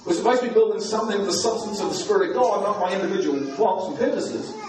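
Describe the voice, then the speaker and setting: High-voiced man preaching in an echoey hall. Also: fast, noisy background. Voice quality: emphatic, full of rhetorical questions. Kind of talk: sermon. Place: church hall. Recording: echoey hall, miked from far off.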